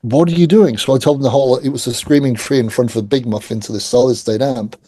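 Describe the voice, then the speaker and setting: A middle-aged man telling stories in a casual interview, animated and acting out the voices of people he quotes. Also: mid-range voice, fast talker. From England. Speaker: guest.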